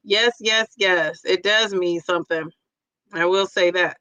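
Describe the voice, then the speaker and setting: A woman hosting a casual live chat stream, reading out viewer comments in a playful, excitable and teasing way. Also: on the low side, unhurried, no echo, highs cut off.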